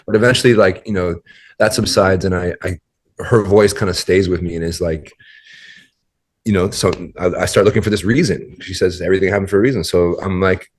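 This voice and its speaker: A man's voice: low voice, steady tone, a little fast. A man as a podcast guest, telling a story in a rambling, casual way full of fillers and restarts.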